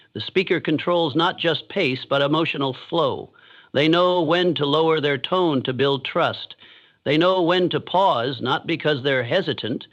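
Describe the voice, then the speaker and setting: A man reads a motivational script in a measured, deliberate way, leaving pauses so each point lands. His voice sits a little high for a man. The recording is dull and lo-fi. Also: a bit bright. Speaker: narrator.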